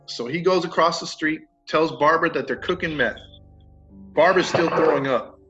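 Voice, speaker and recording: Telling a true crime tale for his podcast, a man speaks at a moderate pace in a higher-pitched voice, slangy and animated as he acts out quotes. Faint music sits under the dull, lo-fi recording.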